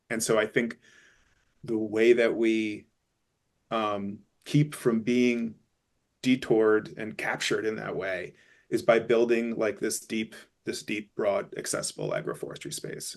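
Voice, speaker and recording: A man on a webinar panel, thinking aloud in a halting, thoughtful way with many restarts. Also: fairly low pitch, gravelly. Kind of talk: casual conversational talk.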